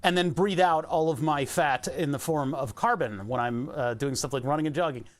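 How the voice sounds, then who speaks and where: A man with a slightly raised pitch chats casually on a live stream. He thinks aloud, rambles from idea to idea and laughs often. He keeps talking while he pedals an exercise bike. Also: normal speed. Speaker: Twitch streamer.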